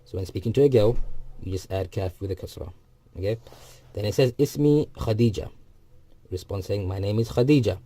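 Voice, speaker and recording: A man explaining a textbook dialogue step by step, repeating each phrase and filling pauses with ums. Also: on the low side, dark tone. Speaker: Arabic teacher. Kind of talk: recorded textbook lesson.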